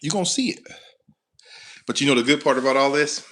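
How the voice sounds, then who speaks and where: A man's voice: mid-range voice, a little fast. A man, a truck driver telling a rambling, profane story in casual talk. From Chicago, West Side. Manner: animated, cursing, laughing, rambling.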